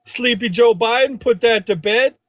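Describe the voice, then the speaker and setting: A man's voice: very high-pitched, moderate pace, fairly bright tone, no echo, studio quality. A man calling into a live stream, rambling and talking over the host. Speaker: caller.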